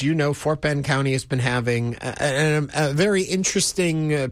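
A male radio host talks at an easy, middle pitch, rambling a little and keeping things upbeat. He sounds close to the mic in a dry studio. His talk moves between easy banter and a pledge-drive appeal. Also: no room sound.

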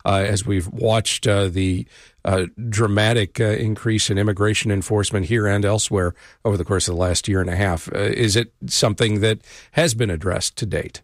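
A man hosting a public radio interview show, speaking in a measured way with frequent "uh" pauses into a studio microphone. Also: fairly low pitch, fairly even intonation, no echo. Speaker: radio talk show host.

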